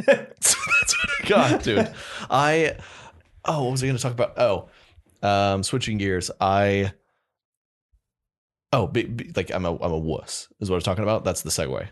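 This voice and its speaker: Lively low-voiced man telling stories. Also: normal speed, pauses often. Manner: animated storyteller, jumps into high squeaky voices for quotes. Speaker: podcast co-host. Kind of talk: casual comedic chat.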